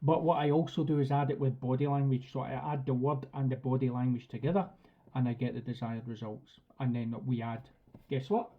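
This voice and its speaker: A man's voice: mid-range voice, level tone, fairly quick, lo-fi sound. A man teaching a live dog training class in a chatty, direct way. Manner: chatty and direct, acts out commands. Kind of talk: live online class talk.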